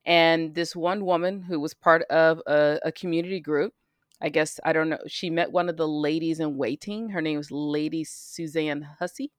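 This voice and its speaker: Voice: medium pitch, fairly even intonation, moderate pace, no echo, studio quality. A podcast co-host from the United States in casual chat, talking freely and often restarting sentences. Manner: chatty, trails off and restarts.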